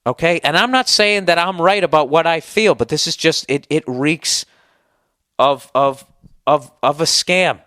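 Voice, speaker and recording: A man's voice: fairly high pitch, unhurried, pushed and bright, no room sound, clean studio sound. A man from the United States hosting a podcast, ranting in a sarcastic, profane and exasperated way. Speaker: podcast host. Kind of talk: comedic podcast rant.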